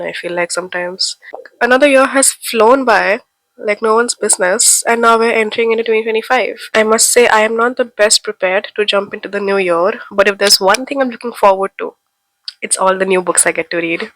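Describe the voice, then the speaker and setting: A young woman from India, stuffy with a head cold, gushes to her viewers about the books she can't wait to read. Her chatty voice sits at an ordinary pitch, and it sounds dry and close to the mic. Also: a bit bright, dry recording, poor audio. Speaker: book vlogger. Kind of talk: casual chat to camera.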